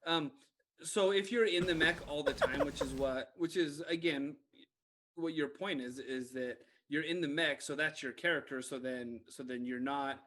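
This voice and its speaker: A man co-hosting a video game podcast, talking casually, teasing his friend and reasoning through points out loud. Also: on the high side, normal speed, slight background noise. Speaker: podcast co-host. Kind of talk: casual chat about video games.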